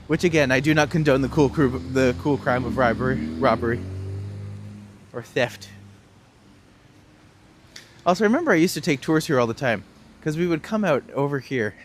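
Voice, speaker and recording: A man's voice: medium pitch, expressive, moderate pace, pauses often, a little hiss or hum. A young man streaming a walking tour outdoors in the cold, chatting casually and answering viewers' questions with jokes. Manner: casual, joking, reads out and answers chat questions. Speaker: tour guide. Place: outdoors on cold city streets.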